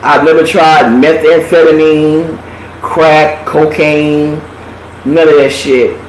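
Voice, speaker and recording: A woman's voice: low-pitched, slow pace. A woman host telling a personal story in casual chat, with lots of profanity, acting out what people said. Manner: profane, animated, acts out quotes. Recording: echoey room with faint noise.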